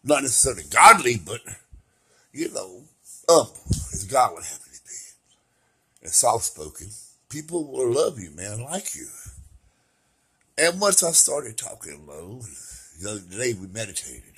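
This vlogger, a man in his forties with a husky yet bright voice, speaks a little slowly and pauses often. Sprawled in bed at home near an open window, he delivers a loose, rambling monologue, shifting from loud, laughing outbursts to quiet, low murmurs.

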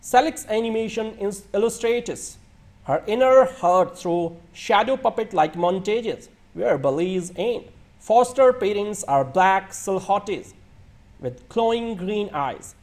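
A man's voice: high-pitched, expressive, takes it slowly, a little mellow. A man reading a film review aloud from a script, now and then stumbling and restarting a word. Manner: reads a written script with occasional stumbles and restarts.

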